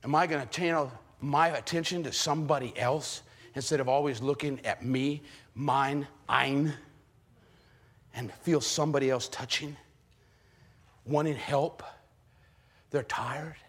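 A man preaching a sermon in an animated way, firing rhetorical questions at the congregation. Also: fairly high pitch, normal speed, slightly rough. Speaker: pastor.

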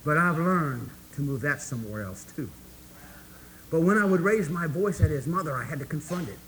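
A man preaching a sermon to his congregation, emphatic and folksy, swinging between hushed asides and loud, rising points. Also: on the high side, expressive, normal speed, poor audio. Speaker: pastor.

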